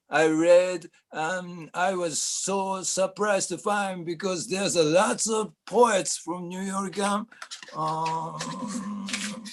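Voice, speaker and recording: A man's voice: high-pitched, a bit bright, a little hiss or hum. A man, speaking hesitantly with many fillers before performing a poem at an open mic. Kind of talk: spoken word poetry.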